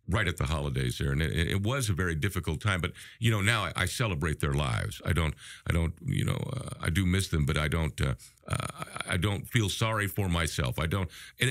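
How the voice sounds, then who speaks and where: A man's voice: deep voice, fairly bright tone, dry recording, studio quality. A middle-aged man co-hosting a recovery talk radio show, speaking earnestly and reflectively with frequent restarts. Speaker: co-host.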